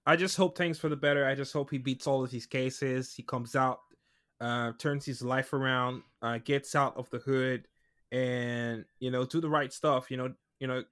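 A man co-hosting a casual chat podcast, measured and agreeable, hedging his points with fillers. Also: medium pitch, fairly even intonation, a bit bright. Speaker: podcast co-host.

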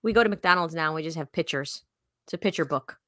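A woman from Chicago chats on a podcast, talking quickly and laughing often. Her voice is recorded close and dry, with no room sound. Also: low voice, a bit bright, no echo. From Chicago, USA. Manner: fast-talking, laughs easily. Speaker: podcast co-host. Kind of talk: casual chat.

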